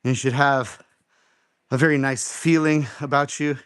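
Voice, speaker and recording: A middle-aged man coaches a home workout live, with a middling pitch and plenty of encouragement. He repeats his cues and keeps the instructions simple. His voice sounds dry and close. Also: fairly even intonation, measured pace, fairly bright tone, clear, resonant tone, dry recording. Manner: encouraging, repeats instructions, counts reps aloud. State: out of breath after exercise. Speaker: fitness coach and live show host.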